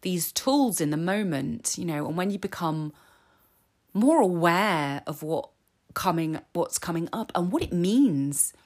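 Chatty woman, lowish voice. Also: animated, unhurried, darkish tone. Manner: chatty, candid, openly emotional. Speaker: podcast host. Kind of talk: casual solo podcast talk.

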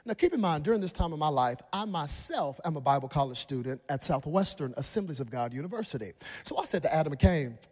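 A man in his thirties preaching a sermon, telling a personal story in an animated way and jumping into high, excited voices when he acts out the people in it. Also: fast, hardly any pauses. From Dallas, Texas. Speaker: pastor. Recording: long hall reverb.

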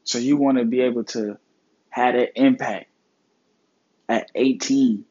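Speaking slightly slowly in a mellow, mid-range voice with a breathy edge, a man hosting his own podcast gives casual motivational talk on life and mental health. He's earnest but laid-back, heavy on slang and swearing, and the recording's highs are cut off.

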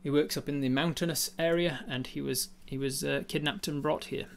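A man narrating a tabletop game as game master, halting and full of uhs and ums. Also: a little high, fairly even intonation, vocal fry.

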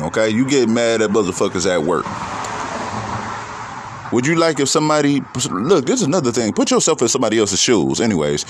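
A man's voice: on the low side, noisy background. A man talking in a casual, profane, rambling monologue, preaching his views.

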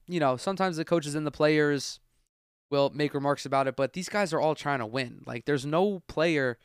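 A man's voice: fairly high pitch, clear, resonant tone, no room sound, studio quality. A man hosting a solo podcast from a room at home, giving blunt, opinionated commentary full of swearing. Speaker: podcast host. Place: room at home with windows open.

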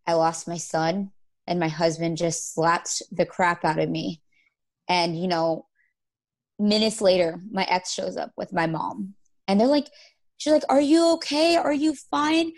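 Interview guest: a woman with a lowish voice, telling her story haltingly and with feeling. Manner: emotional, halting storytelling with many fillers. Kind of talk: personal testimony interview.

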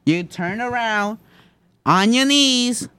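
A man, telling a profane, animated story to friends and acting out the voices. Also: very high-pitched, takes it slowly, smooth. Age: 20s. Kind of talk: casual chat.

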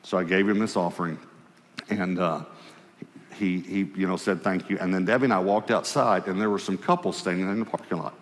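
A man's voice: brisk, big-room sound, a little hiss or hum. A man preaching a sermon, telling a personal story and acting out the dialogue in it. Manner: animated storyteller, acts out dialogue, dropping low and quiet for God's voice.

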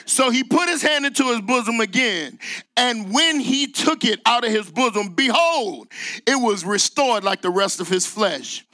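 Bright, high-voiced man preaching a sermon. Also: moderate pace, dry recording. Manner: animated, shouts scripture lines, laughing asides to the congregation. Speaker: guest preacher. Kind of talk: sermon with call-and-response. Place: church stage. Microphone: microphone.

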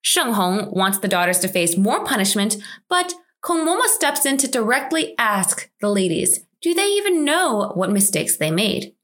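A woman's voice: on the high side, very animated, normal speed, few pauses, fairly bright tone. A woman hosting a drama recap, narrating scripted commentary in a wry, chatty, lightly sarcastic way.

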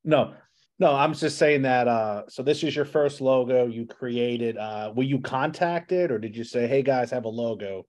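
A man's voice: mid-range voice, moderate pace, darkish tone. Rambling male podcast host. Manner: rambling, many restarts and asides. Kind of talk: casual interview chat.

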